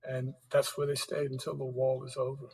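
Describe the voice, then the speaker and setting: Husky-voiced male author telling history. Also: medium pitch, monotone, brisk, a little mellow, low-quality recording. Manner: explains history in a storytelling way. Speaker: author guest. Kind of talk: interview conversation.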